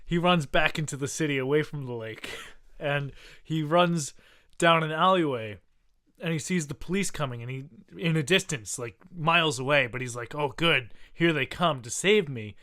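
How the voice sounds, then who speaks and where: Bright-voiced man improvising a comic tale. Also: fairly high pitch, moderate pace. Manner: hesitant, many restarts, giggly. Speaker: podcast co-host. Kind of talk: improvised comedy storytelling.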